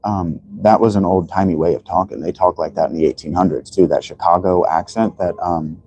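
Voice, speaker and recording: A man's voice: sits low, fairly even intonation, brisk, warm tone, slightly rough, lo-fi sound. A man from the United States hosting a livestream, lecturing in a rambling way with many restarts and fillers. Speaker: livestream host. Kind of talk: casual livestream monologue.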